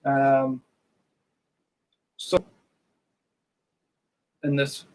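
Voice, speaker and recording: A man's voice: medium pitch, completely flat delivery, extremely slow, poor audio. A man teaching fiddle in an online workshop, patiently counting in and singing rhythms.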